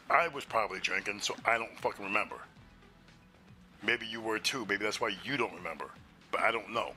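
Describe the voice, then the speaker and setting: Exasperated man ranting, bright voice. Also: on the low side. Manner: profane, exasperated retelling with quoted dialogue. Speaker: streamer. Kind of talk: casual storytelling chat.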